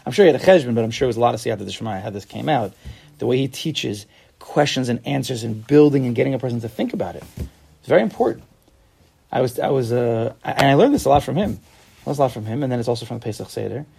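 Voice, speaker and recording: A man teaching a casual Torah class, animated, acting out little dialogues and asking rhetorical questions. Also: medium pitch, fast talker, vocal fry, husky.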